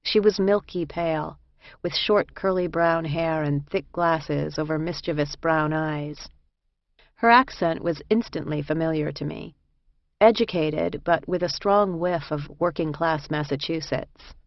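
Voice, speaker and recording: A woman reading a first-person memoir aloud in a measured, reflective way. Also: low voice, no room sound. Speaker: audiobook narrator. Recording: dull lo-fi dry recording.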